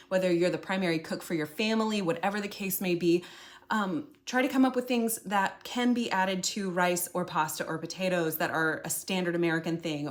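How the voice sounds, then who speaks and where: A woman with a fairly low voice talks straight to her viewers in a relaxed, chatty way. She sounds earnest and gently encouraging, like a food vlogger sharing what worked for her. Her tone stays warm in intent without any hard sell. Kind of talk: casual encouraging monologue to camera.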